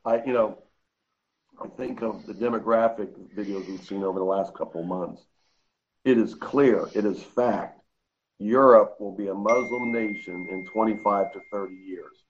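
A man's voice: lowish voice, normal speed, highs cut off, a little hiss or hum. A man joining a talk radio show, earnest and worried.

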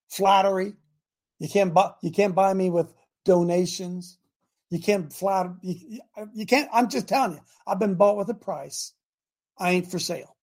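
A man hosting a call-in talk show who preaches and builds up to shouting. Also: high voice. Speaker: show host.

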